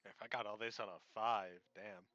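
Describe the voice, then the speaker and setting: Player, man, lower voice, casual and swearing, on a dull dry mic. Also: steady tone, normal speed, bright, forceful tone, no room sound. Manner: casual, swearing, thinking aloud. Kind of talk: casual chat at a game table.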